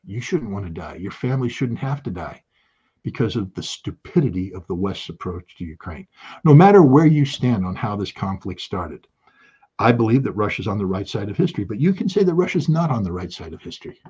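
A man giving an impassioned political monologue as a show host, emphatic and repetitive, with bursts of forceful insistence. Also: on the low side, sing-song, a little fast, husky, dull audio. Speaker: political commentator.

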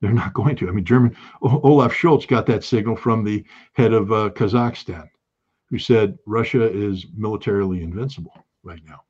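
Husky low-voiced guy ranting on his show, hammers the same points over and over, dull lo-fi sound. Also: moderate pace. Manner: emphatic, repetitive, rising to forceful outbursts. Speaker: political commentator. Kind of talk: impassioned political monologue.

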